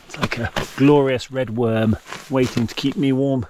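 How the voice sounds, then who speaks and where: A man talks casually from inside a small tent, often slipping into a fond, sing-song voice for his dog. He sits a little back from the mic, and steady outdoor noise runs clearly under his voice. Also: medium pitch, normal speed, recorded from a distance. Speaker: vlogger. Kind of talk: casual camping vlog. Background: rain and outdoor noise.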